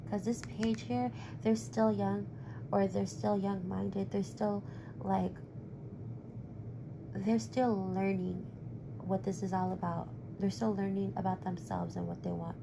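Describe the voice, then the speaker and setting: Woman doing tarot on a livestream, fry-heavy voice going hoarse, flat delivery, noisy background. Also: medium pitch, unhurried. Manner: direct, reassuring, calls the viewer honey. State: losing her voice. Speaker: tarot reader. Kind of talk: live-stream tarot reading.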